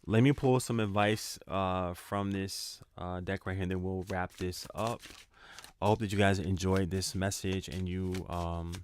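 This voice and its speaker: Low-voiced man giving a casual tarot reading. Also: fairly even intonation, measured pace, clear, resonant tone. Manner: casual, repetitive, slangy encouragement. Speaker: tarot reader.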